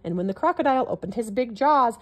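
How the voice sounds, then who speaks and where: A woman reading a classic children's picture book aloud in an expressive storytelling manner. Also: on the high side, fast talker.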